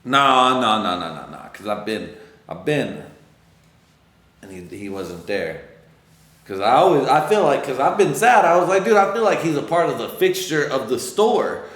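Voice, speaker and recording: A man's voice: mid-range voice, normal speed. Rambling, profane podcast man, echoey room. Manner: rambling, profane, swings between loud excitement and muttering. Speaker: podcast host. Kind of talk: casual solo monologue.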